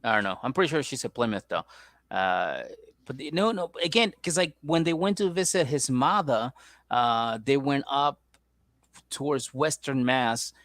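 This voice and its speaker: A man's voice: medium pitch, animated, moderate pace, fairly bright tone, no room sound. A young man co-hosting a comedy podcast, laid back and chatty, often saying "dude" and doing playful impressions. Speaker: podcast co-host. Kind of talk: casual comedic chat.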